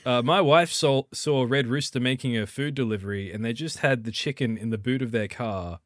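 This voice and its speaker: A man's voice: medium pitch, no echo, studio quality. A young man chatting casually and joking with friends on a podcast. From Australia. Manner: joking, does quick silly voices. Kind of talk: casual chat.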